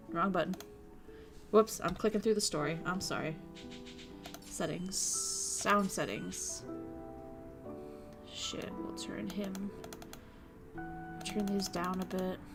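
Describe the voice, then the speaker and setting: A woman VTuber casually streaming a visual novel, reading it aloud with excitable, crude, giggly commentary. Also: lowish voice, vocal fry. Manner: crude, excitable, laughs and swears often.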